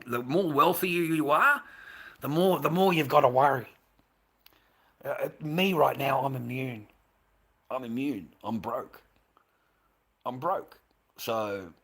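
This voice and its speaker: Blunt, sharp-toned man ranting. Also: mid-range voice, breathy edge. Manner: blunt, profane, rambling, stammering restarts. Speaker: livestream host. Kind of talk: casual livestream rant.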